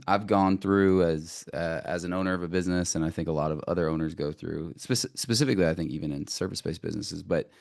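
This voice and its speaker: A man's voice: deep voice, fast talker, gravelly, darkish tone. A man hosting a podcast, asking a long question and searching for words as he goes. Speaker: podcast host. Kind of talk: interview question.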